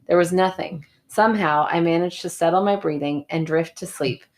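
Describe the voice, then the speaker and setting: A woman in her thirties co-hosts a casual podcast with a slightly low voice. She reads stories and chats, laughing often and acting out the moments she retells. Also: moderate pace. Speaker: podcast co-host. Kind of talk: casual chat and story reading.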